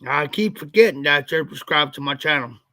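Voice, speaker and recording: Still slightly stuffy from the flu, the Ohio livestream host speaks a little fast as he spins out a meandering tale, repeating "I said" again and again. His fairly high, bright voice carries some tension, recorded dry and close with no echo.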